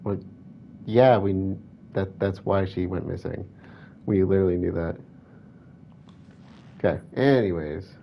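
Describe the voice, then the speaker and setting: A man's voice: deep voice, unhurried, gravelly, pauses often. Chatty man commentating a game. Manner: chatty, reads game text aloud, self-correcting. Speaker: gameplay commentator. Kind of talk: let's play commentary. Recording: dull lo-fi with faint hiss.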